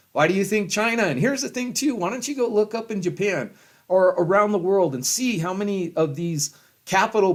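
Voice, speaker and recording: A middle-aged man in a rambling, heavily profane rant to camera, with loud swings and frequent chuckles. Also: sits high. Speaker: vlogger.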